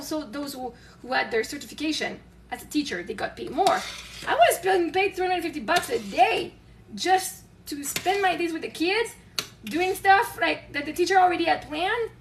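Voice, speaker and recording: Very high-pitched, bright woman. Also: normal speed, gravelly. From Quebec, Canada. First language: French. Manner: chatty, rambling, bursts of excitement. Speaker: show host. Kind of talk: casual live-stream chat, answering viewer comments. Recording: distant mic, faint background noise.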